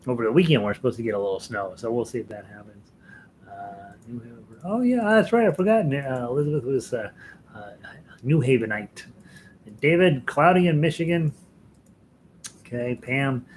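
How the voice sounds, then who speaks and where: A man's voice: medium pitch, slight background noise, rough recording. An American man hosting a live ukulele lesson stream, chatting casually with viewers, chuckling often and rambling with fillers and restarts. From United States.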